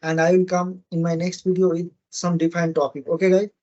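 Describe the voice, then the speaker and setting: Tutorial host, casual and chatty, mid-range pitch, muffled lo-fi mic. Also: level tone, brisk, warm tone. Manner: casual, often asks "right?" and addresses "guys". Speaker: cloud tech tutorial instructor. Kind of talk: screen-share tech tutorial.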